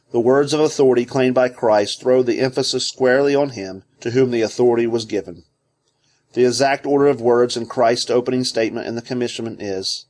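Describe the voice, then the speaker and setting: A man with a mid-range voice reads aloud from a theology book. His narration is scripted, measured and deliberate, giving each clause its weight. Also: medium pitch, a little mellow.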